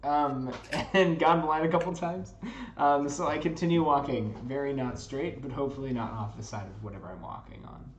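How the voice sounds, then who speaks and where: A man's voice: mid-range voice, moderate pace, roomy sound, a little hiss or hum. A man playing in a tabletop game, playful and giggly, with many ums. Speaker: player. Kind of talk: casual tabletop play.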